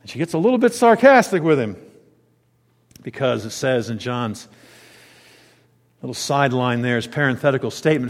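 A man preaching a sermon in a lively, conversational way, with dramatic pitch swings. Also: moderate pace, long pauses, big-room sound. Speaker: pastor.

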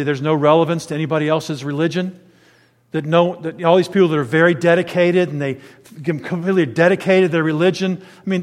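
A man delivers a sermon in a high voice. He moves between hushed, low-pitched asides and loud, emphatic declarations. The sound carries a long reverb, like a large church hall. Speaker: preacher.

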